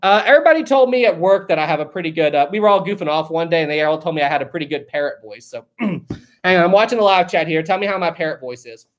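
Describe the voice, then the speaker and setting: Animated, jokey live-stream host. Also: medium pitch, quick pace. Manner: chatty, jokey, laughs often, thinks aloud. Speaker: livestream host reading viewer donations. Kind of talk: casual live-stream chat.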